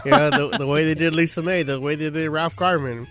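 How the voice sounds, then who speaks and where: A man chatting casually on a podcast about relationships, cursing freely and telling stories with sudden loud outbursts. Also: on the high side, fast talker, faint music behind. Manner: profane, animated storytelling with sudden shouted outbursts.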